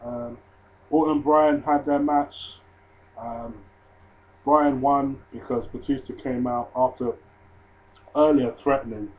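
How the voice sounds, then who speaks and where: A man casually reviewing a wrestling show, swearing freely and ranting in loud disbelief. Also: medium pitch, fairly even intonation, slow pace, long pauses. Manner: profane, ranting, gets loud and incredulous. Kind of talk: casual solo review vlog. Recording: tinny phone-like audio.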